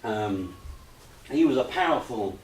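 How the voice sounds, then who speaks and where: A man's voice: mid-range voice, measured pace. Man, slide lecture, lots of ums, easygoing humor, echoey room, mic far off. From United Kingdom. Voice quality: hesitant, many ums and uhs. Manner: relaxed, gently humorous. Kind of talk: presentation talk with slides. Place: retreat lecture room with audience. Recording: roomy echo, distant mic, faint hiss.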